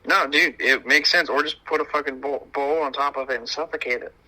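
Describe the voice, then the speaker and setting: A man's voice: mid-range voice, steady tone, a little fast, sharp tone, poor audio. A man co-hosting a podcast in casual chat, giving short blunt replies with casual swearing. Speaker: podcast co-host.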